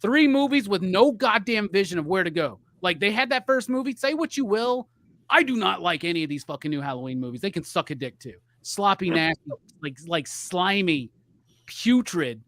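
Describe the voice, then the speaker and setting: A man's voice: high voice, expressive, a little fast, a bit bright. A middle-aged man co-hosting a live podcast, airing grievances in a heated, profane, rambling rant. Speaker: podcast co-host.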